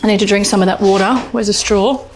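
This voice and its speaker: In a noisy recording with music underneath, an Australian woman runs an informal cooking demonstration from her home kitchen. She talks quickly in a mid-range voice with fairly even intonation, chatty, enthusiastic and prone to exclaiming.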